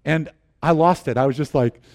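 A middle-aged man preaching a sermon, telling personal stories with animated, acted-out moments and quiet earnest turns. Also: moderate pace. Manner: animated storyteller, acts out scenes with sudden high exclamations. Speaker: pastor.

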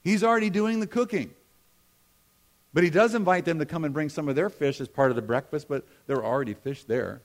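A middle-aged man preaching a sermon in a conversational way, with humorous asides, moving between emphatic lines and hushed ones. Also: a little high, fairly quick. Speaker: pastor.

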